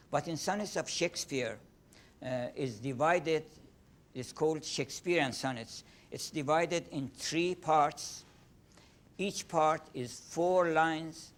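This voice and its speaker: Older man, Persian-accented lecturer. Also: a little high. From Iran. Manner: halting, many fillers and restarts. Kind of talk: lecture on poetry.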